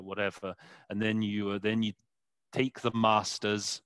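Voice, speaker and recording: Interpreter guest, male, lowish voice, hesitant and full of fillers, dry close sound. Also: little pitch movement, a bit bright, no echo. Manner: halting, searching for words with many fillers. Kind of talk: conversational interview.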